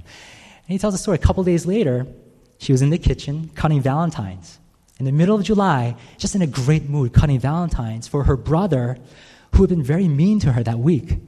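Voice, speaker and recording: Mellow-voiced male preacher, husky, in a reverberant hall. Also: a little high, lively intonation, fairly quick. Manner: conversational, frequent "right?" checks with listeners. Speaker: pastor. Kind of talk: sermon. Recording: long reverb in a large hall.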